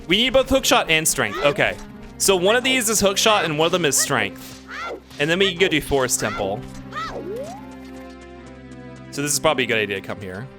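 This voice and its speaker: A man casually commenting on his own gameplay as a streamer, excitable and talking to himself as he plays. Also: fairly high pitch, quick pace, music in the background. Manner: excitable, talks to himself while playing.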